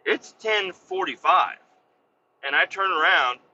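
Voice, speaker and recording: A man's voice: high-pitched, animated, takes it slowly, dull audio. A man casually telling a heated story, swearing a lot and getting worked up as he goes. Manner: heated, swears a lot, re-enacts his own yelling. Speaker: podcast host and business owner.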